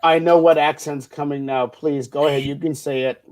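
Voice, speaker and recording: A man's voice: fairly high pitch, fairly even intonation, normal speed, darkish tone. Teasing middle-aged male co-host. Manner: teasing, rambling, big-brotherly. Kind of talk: casual chat.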